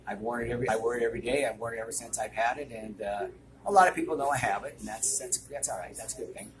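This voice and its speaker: A man's voice: mid-range voice, fast. Older man telling rambling stories. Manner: rambling, full of "uh" and "I mean". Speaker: restaurant owner. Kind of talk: anecdotal storytelling to an interviewer. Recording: noisy room ambience.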